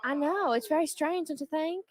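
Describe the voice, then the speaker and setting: A woman chatting casually with friends in a big house, animated and self-deprecating. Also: high voice, normal speed, a crowd in the background. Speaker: guest in a group chat. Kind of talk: casual chat. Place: large echoey house.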